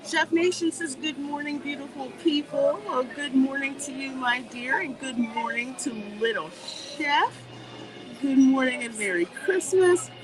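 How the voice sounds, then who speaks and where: A woman hosting a casual livestream while walking through a theme park, reading viewer comments and chatting in an animated way. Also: sits high, unhurried. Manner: chatty and animated, warm greetings, laughs often. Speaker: livestream host. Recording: noisy outdoor livestream audio. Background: park ambience and music.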